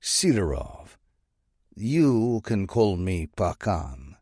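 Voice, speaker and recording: A man's voice: deep voice, very animated, very slow, dark tone, breathy edge, dry recording, clean studio sound, full character voice. A man voicing a sly, menacing male Russian mob boss with a drawling, mocking Russian accent. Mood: sly taunting. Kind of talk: audiobook character voice.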